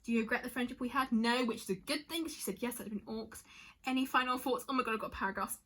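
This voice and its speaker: A young woman vlogs casually over soft background music, reading her friends' answers aloud and reacting as she goes. Her voice sits on the high side, bright and pushed, and she talks fast. She rambles emotionally, saying "like" constantly and cutting herself off mid-sentence.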